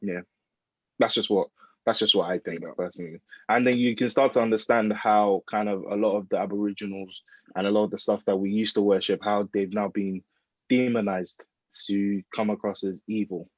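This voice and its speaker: A man's voice: fairly low pitch, fairly even intonation, moderate pace, no echo. A man co-hosting a podcast, opinionated and teasing. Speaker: podcast co-host. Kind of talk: casual chat. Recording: dull dry lo-fi sound.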